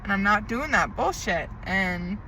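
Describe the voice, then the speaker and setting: A woman's voice: mid-range voice, lively intonation, unhurried, background noise. A woman tarot reader in an emotional diary-style monologue, venting with frequent swearing and emphatic repetition.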